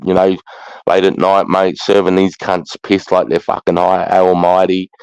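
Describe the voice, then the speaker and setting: Very low-voiced Australian man, swearing freely. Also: monotone, moderate pace, gravelly, a little mellow, smooth, dry recording. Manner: swears freely, says mate often. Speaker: livestream host. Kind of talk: casual chat. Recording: dull, lo-fi stream audio.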